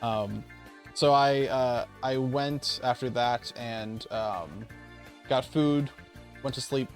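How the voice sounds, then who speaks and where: A man with an ordinary mid-range voice talks through his card game tournament in a loose, rambling way, swearing now and then. Faint music plays quietly underneath. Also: medium pitch, slow pace. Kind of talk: casual recap vlog.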